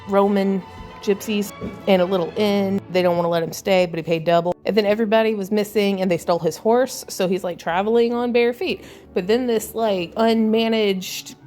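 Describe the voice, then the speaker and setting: A woman's voice: medium pitch, a little mellow. A woman giving a casual spoiler-filled movie recap in a crude, sarcastic, irreverent way. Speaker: movie reviewer.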